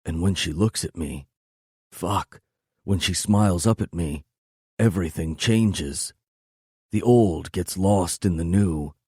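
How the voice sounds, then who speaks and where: A man reading a first-person romance novel aloud in a low, intimate, measured delivery. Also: darkish tone, breathy edge, no room sound, studio quality. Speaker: audiobook narrator.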